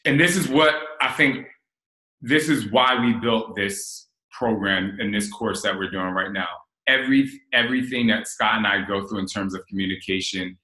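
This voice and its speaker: A man's voice: fairly low pitch, reverberant, low-quality recording. A man in his forties from New Jersey, hosting a casual chat and candidly telling stories from his relationship. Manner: candid, animated storyteller. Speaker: host.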